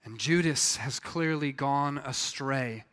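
A man preaching a sermon, telling the story in a lively way and acting out the voices of the people in it. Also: mid-range voice, takes it slowly, big-room sound. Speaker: pastor.

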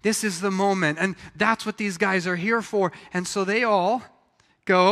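A man preaching a sermon, telling the story in a lively way and acting out the voices of the people in it. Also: high voice, measured pace, in a large hall. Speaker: pastor.

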